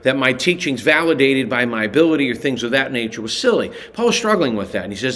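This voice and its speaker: A man's voice: mid-range voice, very animated, quick pace, hardly any pauses, fairly bright tone. Casual, self-correcting man teaching Scripture. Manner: casual and conversational, often correcting himself mid-sentence. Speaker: Bible teacher. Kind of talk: daily Bible study podcast teaching.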